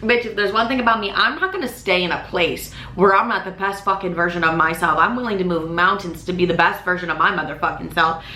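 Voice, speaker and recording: A young woman telling a story on her vlog in a casual, animated way, swearing often and filling her talk with "like". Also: lowish voice, fast talker, hardly any pauses. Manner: animated, swears a lot, many "like" fillers. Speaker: vlogger. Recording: roomy echo, faint background noise.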